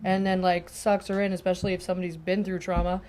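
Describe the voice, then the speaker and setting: A woman's voice: fairly low pitch, level tone, fast talker, crowd noise. A middle-aged woman on a casual panel chat, speaking candidly about her own experience.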